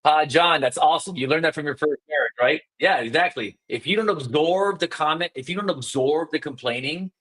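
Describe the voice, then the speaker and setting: A man coaching real estate agents on sales calls in a live session, talking fast and emphatically and acting out call scripts. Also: on the high side, a bit bright. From South Florida.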